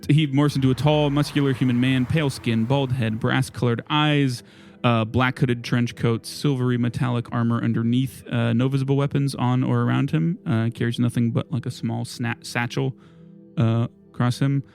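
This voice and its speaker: A man's voice: mid-range voice, steady tone, moderate pace, vocal fry, a little mellow, faint music behind. A man running a tabletop game as game master, describing scenes in a loose, filler-heavy way.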